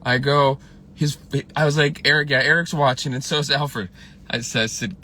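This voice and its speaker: A man's voice: medium pitch, fairly even intonation, normal speed, bright, forceful tone, a little hiss or hum. A man telling stories about a late colleague in a casual, rambling way, full of fillers and restarts and emotional at times. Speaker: filmmaker recalling a late colleague. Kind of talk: casual livestream storytelling.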